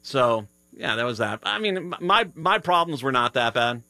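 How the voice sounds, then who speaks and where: A man's voice: mid-range voice, big pitch swings, moderate pace, pushed and bright, no room sound. A tired man hosting a live radio show, chatting casually and rambling with many restarts. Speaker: radio host. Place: radio studio.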